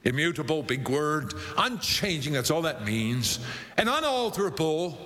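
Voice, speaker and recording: Slow-preaching pastor in an echoing hall. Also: male voice, very animated, sharp tone, slight background noise. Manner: slow, emphatic preaching with wide swings of pitch. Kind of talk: sermon. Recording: long reverb of a large hall.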